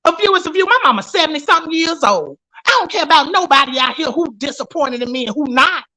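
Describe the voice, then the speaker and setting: A woman's voice: sits high, animated, quick pace, bright, forceful tone, low-quality recording. A woman vlogger in a heated, profane, confrontational rant, talking straight at her viewers.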